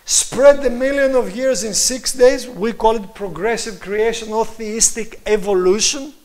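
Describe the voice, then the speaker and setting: A high-pitched man lectures with a Greek accent. He speaks emphatically and turns to his listeners directly as he makes his points. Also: a little slow, darkish tone, poor audio. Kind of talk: apologetics lecture.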